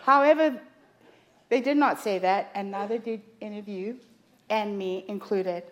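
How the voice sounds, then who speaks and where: A middle-aged woman with a mid-range voice preaches a sermon in church at a moderate pace. She tells personal stories in a humorous, confiding way, with laughs.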